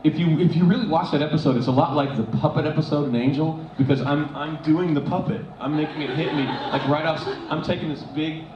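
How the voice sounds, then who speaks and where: A man answering fan questions on a convention stage, telling lively stories with many restarts and frequent laughs. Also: fairly high pitch, brisk, few pauses. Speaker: convention panel guest. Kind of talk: casual stage Q&A storytelling. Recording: echoey hall, dull, noisy fan recording.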